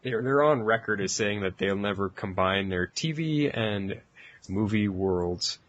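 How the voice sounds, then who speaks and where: A man co-hosting a podcast in easygoing casual chat, asking questions and chiming in with quick agreements. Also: on the low side, lively intonation, a bit bright, dull audio. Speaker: podcast co-host.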